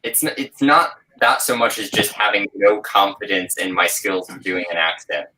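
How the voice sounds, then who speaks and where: A man in a casual podcast chat, hesitant and filling pauses with "uh". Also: on the low side, pushed and bright, a little hiss or hum, low-quality recording. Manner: hesitant, many fillers.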